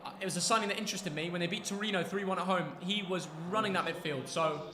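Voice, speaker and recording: A man hosting a live football watchalong stream, bantering and teasing with loud outbursts. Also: sits high, fast talker. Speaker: stream host. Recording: echoey room with crowd noise. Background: football match crowd on the telly.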